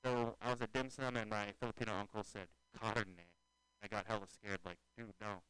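A man's voice: lowish voice, fairly even intonation, fast, fairly bright tone, clean tone, dry recording, poor audio. A man in loose, rambling casual chat, joking and drifting from topic to topic as a podcast co-host.

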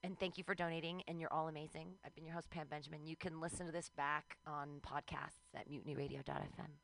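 A woman's voice: low-pitched, level tone, quick pace, vocal fry, fairly bright tone, no echo. A woman hosting a live comedy show on the radio, with gushing, enthusiastic introductions.

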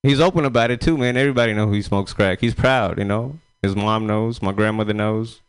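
A man works through a stand-up set at a small club open mic. His voice is smooth and clear. He rambles casually between jokes and laughs along with them. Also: fairly low pitch, brisk. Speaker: stand-up comedian.

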